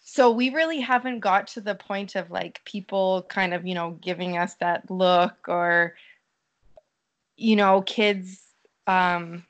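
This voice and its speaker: A woman's voice: mid-range voice, slow. A woman who is a mother, guesting on a casual podcast and speaking thoughtfully and hesitantly with many fillers. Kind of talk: casual chat.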